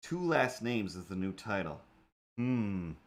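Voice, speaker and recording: On his casual drawing livestream, a male artist and host chats in a rambling, playful way with many fillers and asides. His voice is on the low side, sing-song and slow-paced.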